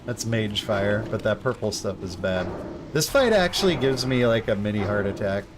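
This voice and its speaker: A young man streams a game, chatting casually in a rambling, laid-back way loaded with slang. His voice is on the low side and animated, at a moderate pace, over a noisy background.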